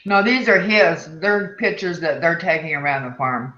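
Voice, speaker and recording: A man's voice: on the high side, moderate pace, pushed and bright, echoey room, lo-fi sound. A man chatting loosely and jokingly on an online group call. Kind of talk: casual online group chat.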